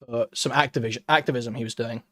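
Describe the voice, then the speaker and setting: A man's voice: mid-range voice, steady tone, quick pace, crowd noise. A man talking as a guest on a call, earnest and hesitant with many restarts. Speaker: guest commentator. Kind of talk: casual call conversation.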